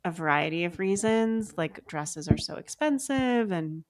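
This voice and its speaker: A woman's voice: on the low side, animated, measured pace. A woman co-hosting a podcast, chatting casually and rambling through her thoughts with lots of filler words. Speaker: podcast co-host. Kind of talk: casual chat.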